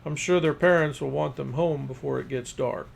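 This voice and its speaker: A man voicing a gruff, laconic middle-aged father who speaks slowly. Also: a little high. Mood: easygoing.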